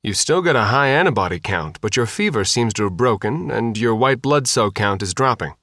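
Man reading as a calm practical doctor. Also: mid-range voice, normal speed, no room sound, studio quality. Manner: matter-of-fact.

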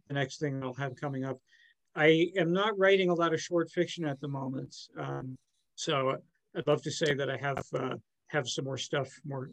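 A man's voice: mid-range voice, gravelly, fairly bright tone, low-quality recording. A man, a novelist, talking as a podcast guest, hesitant with restarts and his voice dropping at the ends of phrases. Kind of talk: casual podcast chat.

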